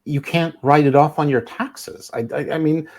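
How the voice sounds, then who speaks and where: A man co-hosting a casual podcast chat, halting with lots of restarts and dry jokey asides. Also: fairly high pitch, fairly even intonation, darkish tone. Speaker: co-host.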